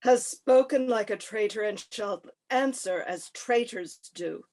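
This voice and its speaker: A woman's voice: medium pitch, a little slow, darkish tone, lightly acted. A woman playing a zealous Roman tribune, speaking in an accusing, declamatory way. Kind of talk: stage play reading.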